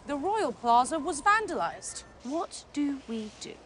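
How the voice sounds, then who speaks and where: A woman's voice: high-pitched, big pitch swings, a little slow, a bit bright, slight background noise, heavily acted. An actress playing a vain, haughty queen in a musical film, speaking in a commanding, theatrical way. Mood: imperious. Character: imperious, vain adult woman queen.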